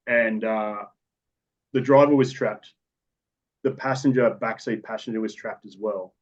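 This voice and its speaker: Low-voiced Australian man, dull recording. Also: fairly even intonation, unhurried. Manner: matter-of-fact, rambling with restarts. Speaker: police officer guest. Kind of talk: storytelling in a podcast interview.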